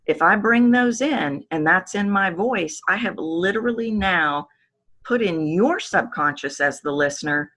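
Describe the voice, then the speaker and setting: A woman vocal coach speaking as a podcast guest, animated, sometimes shifting her voice to demonstrate. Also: mid-range voice, unhurried. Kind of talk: podcast interview.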